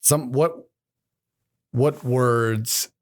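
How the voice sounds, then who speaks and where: A man's voice: medium pitch, extremely slow. A man from the United States hosting a podcast, chatting casually in a playful, teasing way. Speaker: podcast host. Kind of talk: casual conversation.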